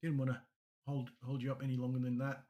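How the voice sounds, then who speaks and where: A fast-talking Australian man co-hosts a podcast, his mid-range voice completely flat in delivery and the recording's highs cut off. He chats casually, rambling through stories and laughing frequently.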